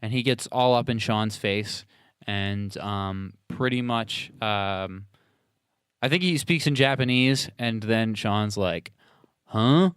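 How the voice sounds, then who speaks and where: A man's voice: fairly low pitch, slow pace, a bit bright, clear, resonant tone, no room sound, clean studio sound. A man co-hosting a podcast, recapping a film in a rambling, casual way with lots of fillers. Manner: rambling, filler-heavy recap with playful quoted voices. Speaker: podcast co-host. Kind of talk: casual movie recap chat.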